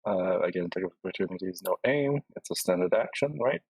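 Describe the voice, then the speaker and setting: A man's voice: low-pitched, animated, fast, darkish tone, slightly rough, no room sound, poor audio. A man playing a tabletop game, checking the rules with questions. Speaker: player. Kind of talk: casual tabletop game chat.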